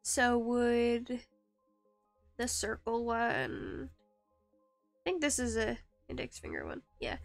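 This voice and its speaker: A woman's voice: on the high side, sing-song, takes it slowly, creaky, pauses often, dry recording, soft background music. A woman streaming live while she carves rings, talking in a rambling, self-deprecating way with many fillers and restarts. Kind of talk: casual live-stream chat while woodcarving.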